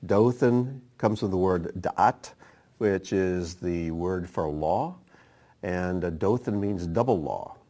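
A man preaching a sermon, teaching at an unhurried pace and reading scripture aloud between his explanations. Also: sits low, mellow. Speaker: pastor.

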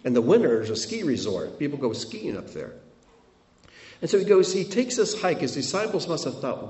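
A man's voice: on the high side, brisk. Man preaching over travel slides, echoey room. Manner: animated storytelling, shifts between loud and hushed. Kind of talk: sermon with slideshow of travel photos.

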